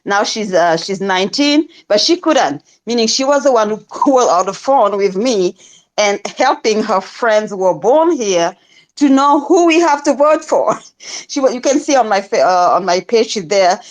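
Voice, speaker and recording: A woman in her forties with a Senegalese accent, speaking as a guest activist in a casual roundtable, halting and repeating words, often laughing. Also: mid-range voice, animated. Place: online audio room.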